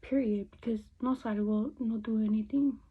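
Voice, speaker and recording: Doing her makeup on camera, this young beauty vlogger from the United States talks in a loose, chatty way, cursing a lot and dropping Spanish into her speech. She speaks at a normal pace in a fairly high, steady voice with a breathy edge, captured on dull, lo-fi phone audio.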